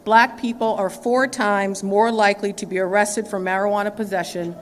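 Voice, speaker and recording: A woman's voice: mid-range voice, steady tone, moderate pace, a little hiss or hum. Earnest woman speaking in a big hall. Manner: earnest, emphatic, with some repeats. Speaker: state attorney general. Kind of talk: formal press conference speech. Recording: long echo in a large hall.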